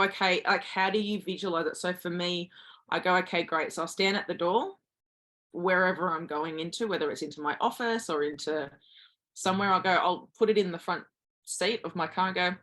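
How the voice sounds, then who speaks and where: A woman in her thirties talks as a mindset coach, her voice sitting a little low. She is earnest and encouraging. Now and then she acts out the voices inside someone's head. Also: a bit bright. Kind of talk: motivational talk.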